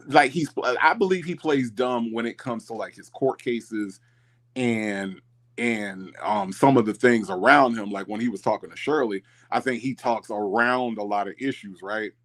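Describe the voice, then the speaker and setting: A man's voice: mid-range voice, measured pace. A man hosting a casual livestream, reading chat comments aloud and repeating himself as he talks. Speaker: livestream host.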